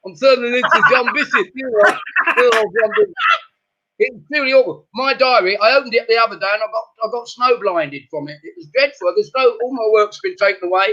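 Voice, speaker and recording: A man's voice: very high-pitched, brisk, sharp tone, dull audio. A man, a comedian joining a chat show over a video call, rattling off one-liners and laughing at his own jokes. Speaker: comedian guest. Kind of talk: stand-up jokes in casual chat.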